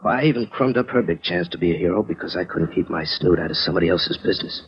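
An actor playing Joe, a proud, wisecracking clerk in a 1940s radio drama, streetwise and quick to argue. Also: male voice, low-pitched, expressive, a little hiss or hum. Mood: rueful. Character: Joe, a scrappy working man, proud and touchy. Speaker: insurance clerk. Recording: dull lo-fi old radio recording.

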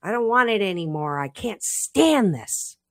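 A woman's voice: high-pitched, big pitch swings, normal speed, gravelly, fairly bright tone, no room sound, clean studio sound, voice pushed up, exaggerated voice. A woman voicing an overlooked rock that bursts into a whiny, envious rant. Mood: furious. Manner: ranting, whiny outburst. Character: bitter, overlooked rock, seething with envy.

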